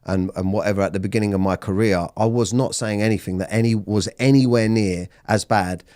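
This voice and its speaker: A man's voice: fairly low pitch, fairly even intonation, brisk, darkish tone. A man in his thirties, a comedian, talking bluntly in an interview, swearing freely and often restarting his sentences. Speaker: comedian guest. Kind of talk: candid interview talk.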